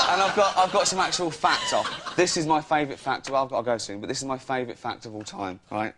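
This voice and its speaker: A man in his thirties doing comic bits in a cheeky, rambling way. He keeps cracking himself up as he goes, at a middle pitch, with a faint hiss behind him. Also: fast, hardly any pauses. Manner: rambling, cheeky, laughs at own jokes. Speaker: comedian. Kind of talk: stand-up style comic monologue.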